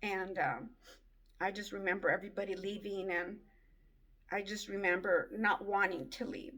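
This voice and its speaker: A woman giving an emotional personal testimony, speaking in a halting, tearful way. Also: medium pitch, fairly even intonation, bright, forceful tone. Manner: slow, halting, tearful storytelling.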